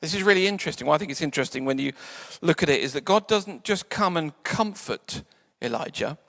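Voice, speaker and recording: A man preaching a sermon in a church, conversational and playful, sometimes dropping to soft quiet tones. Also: on the high side, animated, fairly quick. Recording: church hall reverb.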